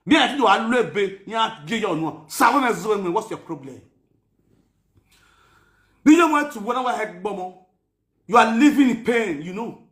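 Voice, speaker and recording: Man, very high voice, roomy echo, scolding and mocking, loud rant. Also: lively intonation, moderate pace, pauses often. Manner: loud, scolding and mocking, mixes English, Pidgin and Yoruba. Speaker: commentator. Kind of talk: ranting commentary.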